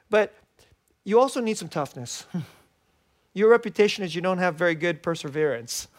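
A middle-aged man preaching a sermon as a pastor, animated and laughing often as he acts out what people say. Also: a little high. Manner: animated, laughs often, quotes himself in little voices.

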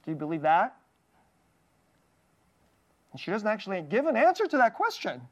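Earnest preacher with soft, hushed drops. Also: mid-range voice, huge pitch swings, moderate pace, muffled recording. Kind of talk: sermon with scripture reading.

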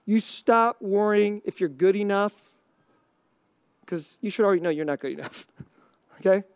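A man preaching a conversational sermon, chuckling often and dropping to a near hush on key lines. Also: high-pitched, normal speed, clean tone, dry recording, clean studio sound. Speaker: pastor.

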